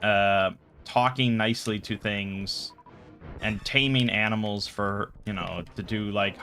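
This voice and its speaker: A man's voice: fairly low pitch, steady tone, a little slow, pushed and bright, faint music behind. A man hosting a casual chat show, retelling a game session in a rambling, exasperated way. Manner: rambling, exasperated storytelling with many fillers. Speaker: podcast host.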